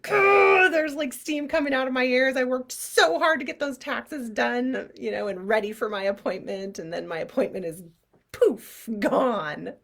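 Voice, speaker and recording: A woman's voice: on the high side, moderate pace, gravelly, hardly any pauses. A woman teaching an online class as a clairvoyant, talking casually and animatedly with playful sound effects.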